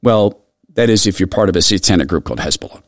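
A middle-aged male radio host with a low voice that swings widely in pitch. He talks earnestly, telling a personal story in a hushed, caring way. The sound is close and dry, with no room around it. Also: animated, fast, dry recording. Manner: earnest, soft storytelling that drops quiet when moved.

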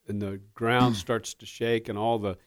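A man co-hosting a radio show, folksy and deliberate as he reads trivia questions. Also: on the low side, steady tone. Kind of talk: casual chat, reading trivia questions.

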